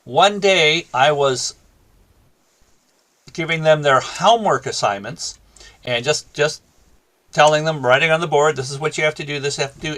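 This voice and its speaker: A man with a fairly high, animated voice, bright and forceful, speaks at a moderate pace. He's a former teacher relating a classroom episode in a talk show interview, acting out each speaker in turn.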